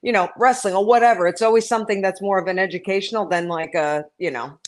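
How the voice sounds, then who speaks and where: A woman's voice: mid-range voice, quick pace. A woman who is a pro wrestler, speaking earnestly and in detail as a guest in a casual interview.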